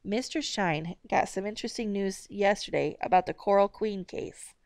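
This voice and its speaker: A stern, exasperated mother, curt and controlled, as a woman reads her. The voice is smooth and resonant, close and dry. She talks tersely, with cross edges. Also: mid-range voice, normal speed, a little mellow, no room sound, natural voice.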